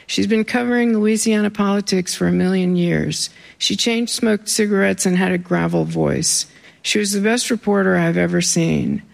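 An author reading memoir pieces aloud to a live audience, with wry, deadpan asides between passages. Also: medium pitch, vocal fry. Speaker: author reading their own writing.

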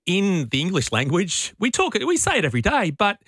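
A man's voice: sits high, brisk, husky, no echo. A man co-hosting drive-time radio, his voice swinging widely and full of life as he mocks himself. The studio sound is dry and close, with no room around him. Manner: animated, self-mocking. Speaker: radio co-host. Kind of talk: casual radio banter. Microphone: studio mic.

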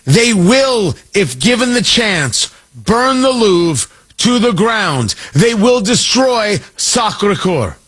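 A man hosting a talk radio show, giving an emphatic, mocking political commentary monologue with drawn-out stresses. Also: sits high, sing-song, fairly bright tone, breathy edge.

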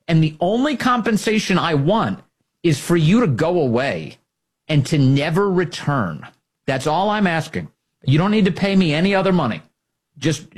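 Husky, sarcastic talk radio host. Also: male voice, a little high. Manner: mocking, sarcastic, animated.

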